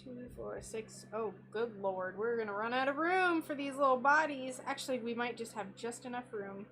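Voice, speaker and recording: A woman's animated, fairly high and bright voice comes at a moderate pace with slight background noise. Hosting a craft livestream from her Florida home workshop, she chats while she works, reading viewer comments and laughing a lot.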